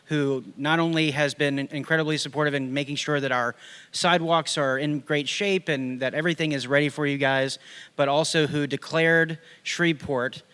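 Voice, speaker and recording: A man's voice: fairly high pitch, normal speed, clean tone. Male speaker at a ceremony, casual and friendly, slightly raised voice with long reverb. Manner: relaxed and chatty, builds up to an introduction. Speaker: event organizer. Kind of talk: live event remarks.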